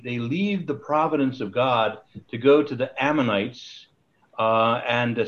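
Male Bible study leader on a video call, mid-pitched, rambly, chuckles often, dull audio. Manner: rambling, restarts, chuckles at his own jokes. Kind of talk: casual online Bible study teaching.

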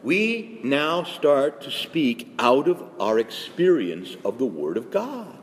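A man's voice: medium pitch, sing-song, slow pace. A man, a priest, giving an earnest, emphatic and conversational talk to fellow priests, with many asides. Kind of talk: spoken retreat talk. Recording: echoey hall with faint ambience.

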